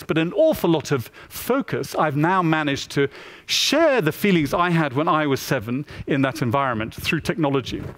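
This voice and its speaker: A man gives a lively storytelling talk and slips into voices for the people he quotes. His voice sits a little higher than most men's. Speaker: photographer giving a talk.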